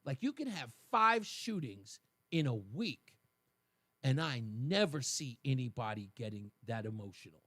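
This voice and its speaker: A man hosting a talk radio show, giving animated commentary and acting out the voices of the people he quotes. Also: medium pitch, measured pace, dry recording.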